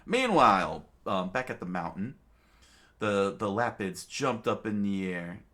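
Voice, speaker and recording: A man reading a comic aloud with a very deep voice that still swings up and down a lot. He talks in halting bursts, pausing and restarting as he describes the panels. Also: sing-song, bright, forceful tone. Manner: halting, many fillers and restarts. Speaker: reader, narrator. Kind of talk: unscripted manga read-aloud.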